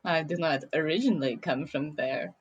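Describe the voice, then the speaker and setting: A woman's voice: deep voice, moderate pace, breathy edge, dry recording, pitched below the performer's own voice. A woman playing an eerie, composed fish-creature woman hiding in human skin, speaking in stiff, formal, overly polite phrases with a Russian accent. The recording is dull and dry, like a lo-fi mic in a dead room. It suits a tabletop role-play.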